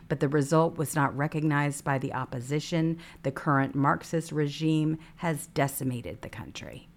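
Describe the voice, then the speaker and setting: A woman hosting a political talk show, indignantly reading headlines and commenting. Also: low-pitched. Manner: indignant, reads headlines aloud. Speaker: host.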